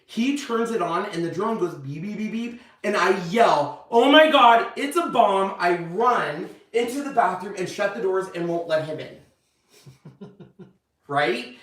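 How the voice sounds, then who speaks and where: A man, the channel host, telling a story in a casual, animated way and acting out the lines people said. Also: high-pitched, unhurried. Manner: animated, acts out quoted lines. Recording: echoey room, distant mic.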